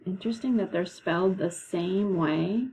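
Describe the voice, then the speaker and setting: A woman teacher leading a classroom lesson, explaining patiently and slowly, with frequent "okay"s. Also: fairly low pitch, dark tone, a little hiss or hum, poor audio. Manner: slow, patient, drawn-out explanations.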